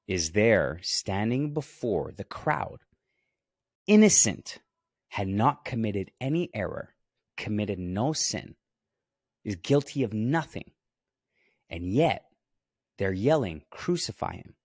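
A man's voice: on the low side, animated, takes it slowly, long pauses, breathy edge, dry recording, studio quality. A man hosting a Bible teaching podcast. He reads scripture aloud and stops often to stress key words and press his listeners to take them in.

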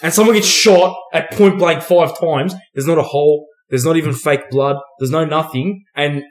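A man's voice: a little high, moderate pace. A man in casual film chat who swears freely and leads the questions. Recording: roomy echo.

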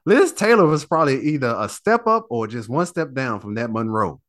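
A man co-hosting a podcast in casual chat, animated and profane, stammering and restarting as he talks. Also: mid-range voice, a little fast. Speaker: podcast co-host.

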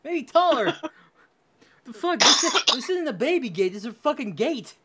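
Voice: high voice, sing-song, moderate pace, bright, forceful tone, slightly rough. A podcast co-host in casual comedic chat who swears a lot, laughs often, sounds incredulous and reads a news article aloud.

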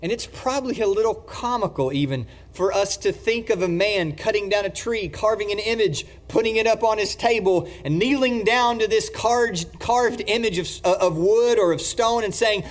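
A man preaching a sermon emphatically, swinging between loud declarations and hushed lines. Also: sits high, moderate pace, hardly any pauses.

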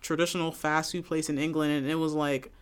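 A woman's voice: sits low, flat delivery, brisk, clear, resonant tone. An American woman co-hosting a podcast, chatting casually, laughing often and teasing. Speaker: podcast co-host. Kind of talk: casual chat.

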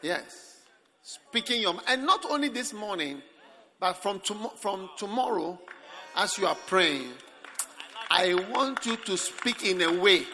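A high, very bright man preaching to a congregation, his voice leaping up and down in pitch. He talks with lively energy and bursts into shouts. The sound rings with a long hall reverb. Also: measured pace. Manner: animated, acts out prayers with sudden shouts. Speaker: pastor. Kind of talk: sermon. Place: large church service.

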